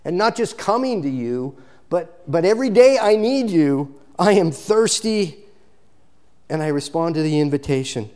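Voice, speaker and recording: A pastor preaching a sermon, his delivery swinging between quiet, intimate passages and loud, emphatic calls. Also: on the high side, expressive, a little slow.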